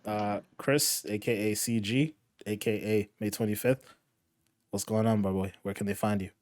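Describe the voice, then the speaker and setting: A man hosting a gaming podcast in casual chat, relaxed and rambling with filler words. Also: fairly low pitch, normal speed. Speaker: podcast host.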